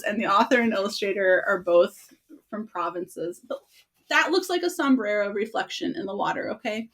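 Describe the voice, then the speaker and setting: A woman's voice: medium pitch, expressive, moderate pace. A woman hosting a podcast, chatting about books in a gushing, giggly way. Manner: giggly, gushing, breaks into laughter. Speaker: podcast host. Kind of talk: casual chat about books.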